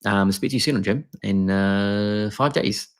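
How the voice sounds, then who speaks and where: A man's voice: lowish voice, a little slow, clear, resonant tone. A man, a doctor, casually answering viewers' chat questions on a live stream, talking with many fillers and restarts.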